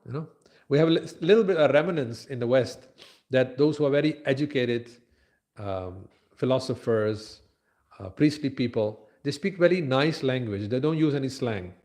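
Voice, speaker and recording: A man giving a conversational scripture lecture at a temple, with frequent fillers and pauses. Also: medium pitch, animated, darkish tone.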